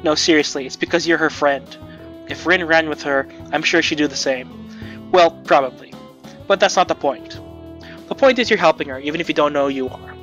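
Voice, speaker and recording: Male reader playing a wry, friendly young male school nurse in a visual novel read-through; slightly high voice, muffled audio with music underneath. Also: fairly quick, a bit bright, natural voice. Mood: kind.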